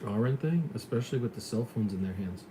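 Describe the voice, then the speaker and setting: A middle-aged former police lieutenant from New York with a New York accent, chatting casually and telling stories in a lively way. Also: male voice, on the low side, quick pace, background noise. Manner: chatty storyteller, animated when retelling. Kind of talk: casual chat on a call.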